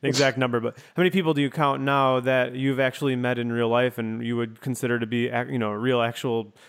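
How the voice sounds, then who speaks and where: A man hosting a relaxed interview, musing through long, winding questions. His voice is smooth and resonant, at an ordinary middle pitch. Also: fast. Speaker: podcast host. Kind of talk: casual interview.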